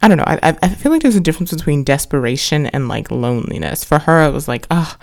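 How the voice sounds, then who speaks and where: A woman with a low, darkish, expressive voice talks quickly as she hosts a podcast reviewing a book series. Her delivery is casual and rambling, full of restarts and wry asides.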